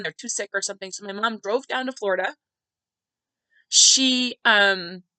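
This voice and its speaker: Woman podcast host with a bright, tense tone and a dry, close sound; a heartfelt, chatty storyteller who says "like" a lot. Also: mid-range voice, no room sound, low-quality recording. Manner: conversational, heartfelt, many filler "like"s. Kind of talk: personal storytelling monologue.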